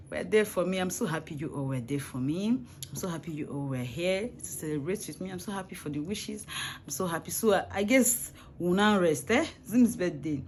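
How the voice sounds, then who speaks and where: A woman's voice: low voice, darkish tone. A young woman chatting casually in a vlog, exclaiming over each item she talks about. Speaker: vlogger. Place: home party. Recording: noisy home recording.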